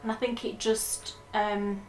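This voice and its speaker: A woman's voice: mid-range voice, little pitch movement, measured pace, echoey room, slight background noise. A woman co-hosting a knitting podcast, chatting enthusiastically and rambling about her projects. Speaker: podcast co-host. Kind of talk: casual knitting podcast chat.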